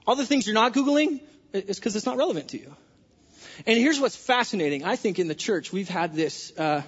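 A man, a pastor, preaching in a church sanctuary in a lively, conversational way full of rhetorical questions. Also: high-pitched. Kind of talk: sermon. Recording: dull, husky sound with long hall reverb.

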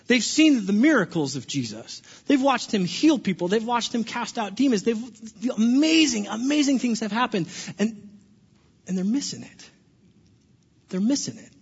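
A man preaching a sermon, animated in his storytelling and acting out the quotes. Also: very high voice, breathy edge. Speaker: pastor. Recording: dull lo-fi sound with long reverb.

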